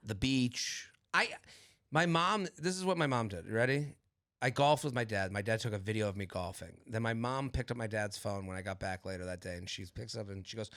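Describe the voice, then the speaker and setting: A man in his thirties co-hosting a podcast in casual chat, telling animated stories and acting out his parents' lines. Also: fairly low pitch, a little fast. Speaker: podcast co-host.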